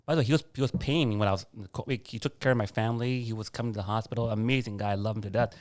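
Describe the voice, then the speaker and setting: A man, a podcast guest, telling a personal story in an earnest, animated way and acting out past conversations. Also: lowish voice, rapid-fire, few pauses, dry recording. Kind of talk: personal story in a casual interview.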